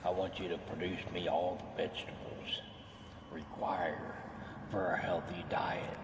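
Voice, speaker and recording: Deep monotone man in an echoey hall. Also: measured pace, background noise. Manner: monotone, insistent repetition. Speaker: viewer voice message. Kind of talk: played voice command. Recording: echoey distant clip with music.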